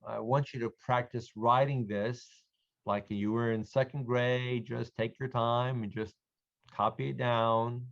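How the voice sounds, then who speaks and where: Patient, slow-speaking male Hebrew teacher. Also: mid-range voice, steady tone, vocal fry, muffled recording. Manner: slow, patient, sounding out words for learners to repeat. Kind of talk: online adult language lesson.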